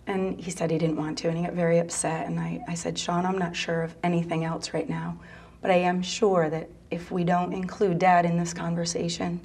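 A middle-aged mother telling a personal story in an interview, soft-spoken and halting, sometimes dropping to a near whisper. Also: fairly low pitch, level tone, breathy edge. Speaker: mother of a gay teen son; interview guest.

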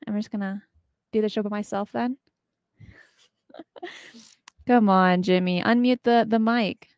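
A woman's voice: mid-range voice, steady tone, slow, a little mellow, smooth, no echo, studio quality. A woman hosting a live talk show, upbeat and chatty as she greets viewers. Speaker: show host.

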